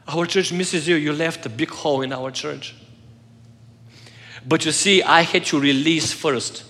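A pastor delivering an earnest sermon, telling a personal story and swinging between loud passages and soft, hushed moments. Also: male voice, fairly high pitch, unhurried, long pauses, big-room sound.

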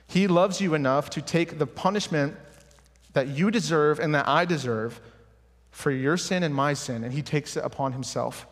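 A young adult man giving an earnest, personal sermon in a church, now and then restarting his words. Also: on the high side. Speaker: preacher. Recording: hall reverb.

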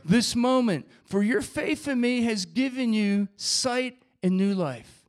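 A preacher voicing a calm, commanding healer. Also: male voice, extremely high pitch, slow, exaggerated voice.

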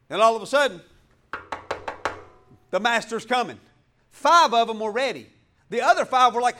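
A pastor with a drawl preaches with fiery passion, his voice pitched unusually high for a man. He swings from loud exclamations to quieter asides, laughing as he drives his points home in a church. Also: moderate pace, pauses often. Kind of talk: sermon.

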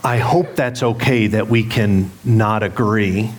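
A middle-aged male pastor preaching in a church, his voice sitting on the low side. He speaks candidly and pokes fun at himself while telling a story. A faint hum of room ambience runs underneath. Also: takes it slowly. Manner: candid, self-deprecating storytelling with humor. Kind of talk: sermon. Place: church sanctuary.

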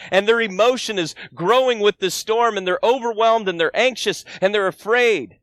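A man's voice: high-pitched, normal speed, few pauses, a bit bright, no room sound. A man in his forties, a guest pastor preaching a sermon, telling a story earnestly and asking the congregation rhetorical questions.

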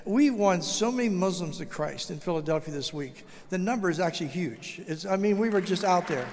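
An older man preaching a testimony sermon as a guest speaker, telling his story with animated, acted-out dialogue. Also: sits high, fairly quick. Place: church sanctuary. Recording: long hall reverb.

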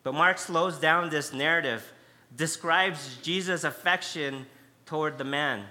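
A man's voice: fairly high pitch, a little slow, sharp tone. A man preaching a sermon, emphatic and conversational, stressing key words by repeating them. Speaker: pastor.

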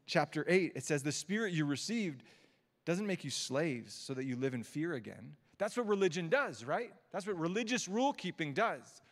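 A man preaching a sermon, telling personal stories with light laughs and dropping to quiet, slowed-down quotes. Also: on the high side, expressive. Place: auditorium or church hall. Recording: long hall reverb from a church.

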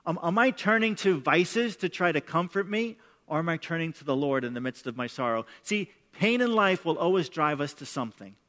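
A middle-aged pastor preaches a sermon in a fairly high, fairly bright voice with lively intonation and a fairly quick pace. He's emphatic yet conversational, often repeating words as he begins sentences, and a large hall's long reverb surrounds him.

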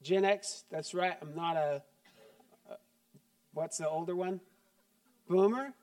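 This high-voiced, middle-aged pastor speaks slowly, his sermon shifting from joking chattiness to a quiet, earnest tone. The sound is dry with no echo, captured by a mic placed at a distance.

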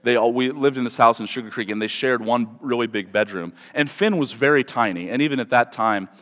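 A man's voice: mid-range voice, brisk, fairly bright tone. A male pastor delivering a sermon in a conversational, digressive way with dramatic emphasis. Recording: long reverb of a large hall.

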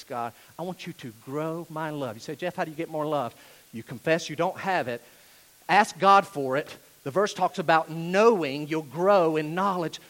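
A man with a fairly high voice delivers a sermon in a church sanctuary. He talks to the congregation directly, then swells into fervent, loud stretches before dropping back to a near hush. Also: poor audio. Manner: animated preaching, swinging from hushed to loud. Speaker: pastor.

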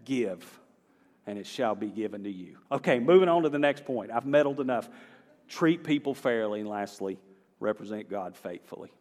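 In a reverberant church sanctuary with a guitar faintly audible, a pastor with a Southern American accent preaches from the pulpit. He is folksy and conversational, rising into emphatic bursts, and his lowish voice is animated, a little mellow and moderately paced.

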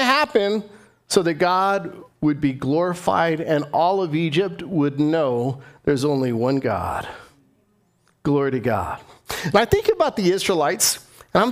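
A man's voice: a little high, very animated, unhurried. A middle-aged man preaching a sermon as pastor, earnest and climbing to impassioned emphasis.

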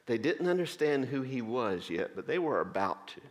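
A man's voice: medium pitch, very animated. Man preaching in an echoing church. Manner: earnest, explaining scripture with many pauses. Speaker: pastor. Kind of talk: sermon. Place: church sanctuary. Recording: long church reverb.

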